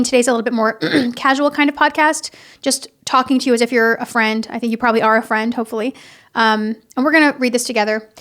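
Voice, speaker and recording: A young woman hosting a casual, heartfelt podcast, talking earnestly and haltingly, with many restarts and fillers. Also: a little high, fairly bright tone. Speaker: podcast host. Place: home in Florida.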